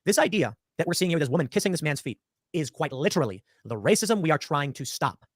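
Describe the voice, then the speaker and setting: A man talks quickly in a fairly high voice that swings widely as he lectures. His delivery is emphatic, and the mic is close and dry. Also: very animated, no room sound. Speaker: political commentator. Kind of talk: opinionated commentary.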